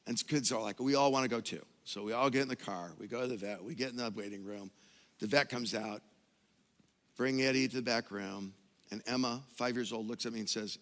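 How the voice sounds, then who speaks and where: Middle-aged male pastor, storytelling sermon that swings from hushed to emphatic, forceful tone, long church-hall echo. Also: mid-range voice, a little fast.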